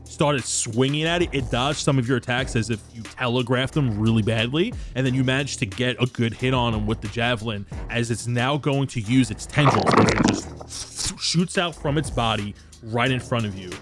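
A man's voice: mid-range voice, fairly bright tone. Man narrating a tabletop game over music. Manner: descriptive, slow for effect, casual with fillers. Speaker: game master.

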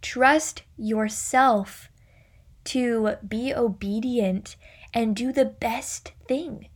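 A young adult woman hosting a faith and business podcast, chatty and animated, acting out quotes as she tells stories. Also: fairly high pitch, very slow, husky. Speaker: podcast host.

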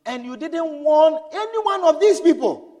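A male preacher with a very high voice delivers an impassioned sermon. He moves from loud, urgent pleading down to low, hushed storytelling. His voice rings with a long reverb, as in a large hall. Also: animated, normal speed.

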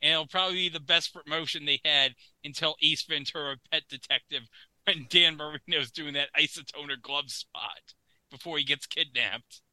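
A man's voice: a little high, moderate pace, pushed and bright, dry recording, poor audio. A man co-hosting a podcast, riffing jokingly in casual comedic commentary on an old TV broadcast. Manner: jokey, puts on silly announcer voices. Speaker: podcast co-host.

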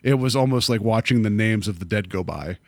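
Guy rambling excitedly about a movie, lots of likes and you-knows, dry close mic. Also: lowish voice, brisk, no echo. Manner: animated, rambling with many fillers. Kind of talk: casual movie discussion.

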